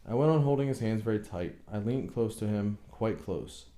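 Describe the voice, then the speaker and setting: A man reading a novel aloud as an audiobook narrator, slow and measured. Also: lowish voice, expressive, mellow, roomy sound. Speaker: audiobook reader.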